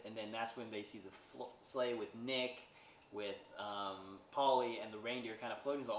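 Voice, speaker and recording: A man's voice: fairly low pitch, fairly even intonation, moderate pace, slight background noise. Casual man recapping a film in a roomy echo. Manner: rambling, frequent "like" and "right?". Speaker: podcast host reviewing a movie. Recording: roomy echo, distant mic, faint ambience.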